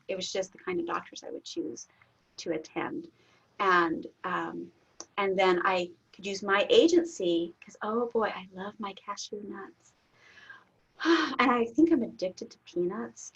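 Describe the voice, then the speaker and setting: Husky middle-aged lady, chatty and candid, bursts out loud sometimes, dull lo-fi sound. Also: mid-range voice. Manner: animated, candid, laughs often, sudden loud bursts. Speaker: guest. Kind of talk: personal storytelling in an interview. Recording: dull lo-fi audio.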